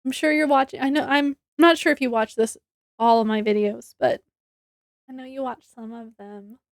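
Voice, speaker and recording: A woman's voice: a little high, fairly even intonation, moderate pace, dry recording, studio quality. A young woman reviewing a book in a casual chat, rambling and correcting herself, with frequent giggles.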